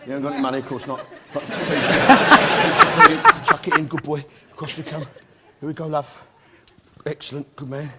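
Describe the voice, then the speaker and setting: A man's voice: on the high side, sing-song, normal speed. A middle-aged English man doing stand-up comedy on a theatre stage, ranting and swearing at a live crowd. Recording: noisy live stage recording with laughter.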